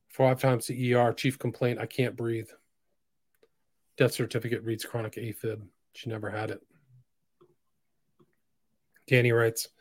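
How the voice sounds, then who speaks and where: A man's voice: fairly low pitch, no echo. Dry-voiced man reading posts aloud. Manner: reads quotes flatly, with sudden loud emphatic bursts. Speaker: podcast host.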